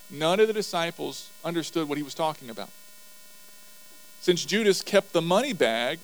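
A man's voice: on the high side, a little hiss or hum, low-quality recording. Man teaching through Bible verses. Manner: explanatory, reads verses aloud then comments, occasional chuckles.

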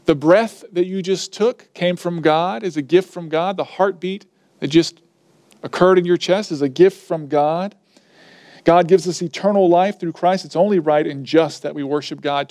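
A man's voice: on the high side, darkish tone, dry recording. Emphatic preacher man with dry sound. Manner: emphatic, repeats key lines. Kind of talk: sermon.

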